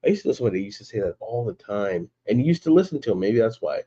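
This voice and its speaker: A man's voice: fairly low pitch, sing-song, very fast, dark tone, slightly rough, muffled recording. A man hosting a casual live stream, chatting in a laid-back way, greeting viewers by name and laughing often.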